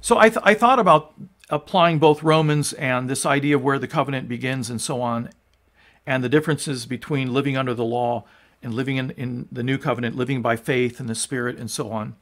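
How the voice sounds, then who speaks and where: A man's voice: medium pitch, a little fast, fairly bright tone. A man pastor giving an earnest, emphatic sermon, reading scripture and teaching with restarts along the way. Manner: frequent restarts and fillers.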